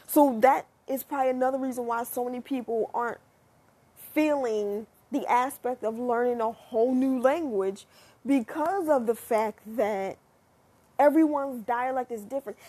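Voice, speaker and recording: Speaking to camera at a moderate pace, this vlogger is a young woman from the United States. Her high voice is airy with a touch of huskiness, and her loose, chatty talk wanders from musing to animated asides, dropping an occasional swear.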